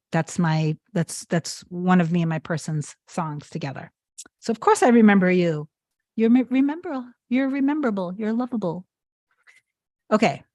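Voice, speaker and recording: A woman's voice: medium pitch, a little mellow, dry recording, studio quality. A woman manifestation coach talking casually to her viewers, earnest and encouraging, rambling with fillers and restarts. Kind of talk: casual advice talk to viewers.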